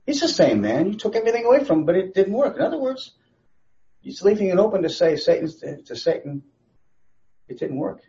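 A man's voice: high-pitched, sing-song, fast, dark tone, dull audio. A man teaching a conversational Bible study. He speaks emphatically, asks rhetorical questions and repeats phrases for stress.

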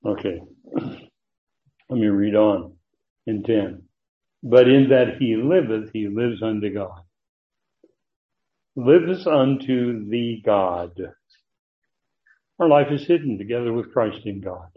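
A man teaching a Bible passage to a class, earnest and emphatic, slowing down to stress key words as he reads from his notes. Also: fairly low pitch. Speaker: pastor teaching a Bible study. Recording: dull lo-fi recording.

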